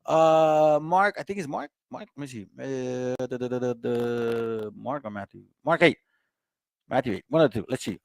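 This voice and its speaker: A man's voice: medium pitch, normal speed, creaky, no echo. Laid-back man teaching Bible verses. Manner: laid-back and chatty, reads verses then explains, calls listeners fam and family. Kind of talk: casual livestream Bible study.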